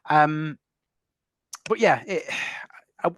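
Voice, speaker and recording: A man's voice: a little high, animated, extremely slow, a bit bright, dry recording. Rambling man, dry close sound. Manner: rambling, many restarts and tag questions. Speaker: podcast host. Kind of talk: casual film discussion.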